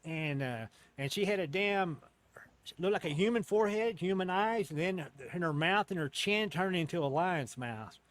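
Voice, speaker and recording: A man's voice sitting a little higher than most men's. He is an interview guest telling a long story in a loose, conversational way. He often backtracks and restarts, and drops casual swear words as he goes. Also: lively intonation, normal speed, a bit bright. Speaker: interview guest recounting an encounter.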